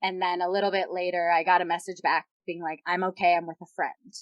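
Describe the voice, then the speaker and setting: A woman's voice: on the low side, level tone, quick pace, no echo, dull audio. A young woman guest on a podcast, candidly retelling a personal story with lots of quoted dialogue.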